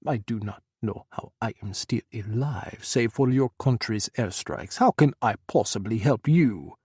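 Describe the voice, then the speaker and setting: A man voicing a gruff Russian rebel commander with a rough voice, speaking formally without contractions. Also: fairly low pitch, lively intonation, unhurried, darkish tone, dry recording, studio quality. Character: hardened male Russian rebel leader, gruff, emotional. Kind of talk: audiobook character voice.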